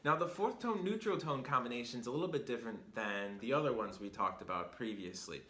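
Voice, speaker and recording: A man's voice: medium pitch, animated, fairly quick, bright, forceful tone, slight background noise. A man hosting a language lesson, patiently explaining things step by step. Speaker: Chinese teacher and host. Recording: roomy echo.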